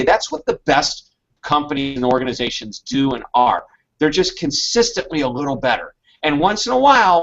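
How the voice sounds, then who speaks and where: A man giving a storytelling keynote talk, animated and acting out the people he quotes. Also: a little high, muffled recording. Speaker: keynote speaker.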